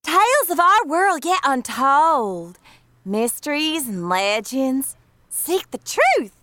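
A high, bubbly young sorority girl, as a woman puts her on, stretching out each phrase with a lilting, sing-song pull. The delivery is slow and showy, like she is announcing a spooky mystery. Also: very animated, pushed and bright, no room sound, full character voice. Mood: dramatic.

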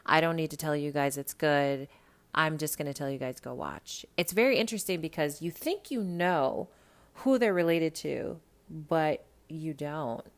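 A woman hosting a podcast in casual chat, animated and profane, talking straight to her listeners about reality TV. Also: deep voice, normal speed. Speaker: podcast host.

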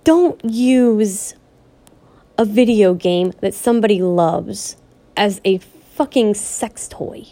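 A woman's voice: mid-range voice, takes it slowly, dark tone. A woman vlogger ranting in a personal vlog, pleading and upset, repeating herself and restarting her sentences. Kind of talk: emotional personal vlog rant.

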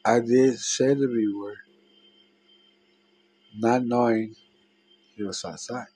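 A man telling a personal story in a halting, emotional way, with many restarts and trailing phrases. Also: mid-range voice, fairly even intonation, dark tone, breathy edge, no room sound, low-quality recording.

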